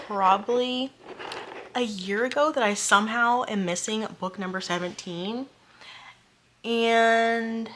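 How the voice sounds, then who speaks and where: A woman's voice: medium pitch, pushed and bright. A young woman chatting casually on a book vlog at home, rambling and self-deprecating, recorded on a camera mic. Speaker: book vlogger. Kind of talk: casual chat.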